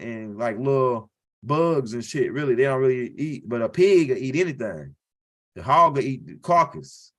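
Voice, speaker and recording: Slightly high-pitched and fairly bright, a male comic tells a loose, profanity-laced story that wanders. He checks in with the audience again and again by asking "right?"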